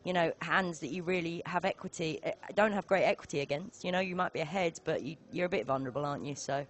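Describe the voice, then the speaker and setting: A woman's voice: deep voice, fast talker. A woman commentating a live poker stream, joking and bantering with her co-host. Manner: jokey, banter-loving.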